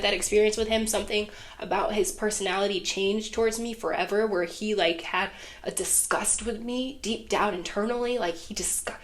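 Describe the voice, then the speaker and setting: A young woman vlogger telling a personal storytime about a past relationship, candid and emotional, swearing freely. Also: mid-range voice. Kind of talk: storytime vlog.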